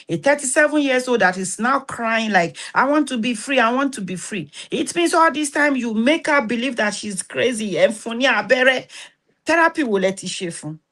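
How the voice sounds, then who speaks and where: Woman host, earnest and urgent, drives points home with repetition. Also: mid-range voice. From Nigeria. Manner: urgent and exhorting, with repeated words and restarts. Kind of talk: earnest spoken talk to camera.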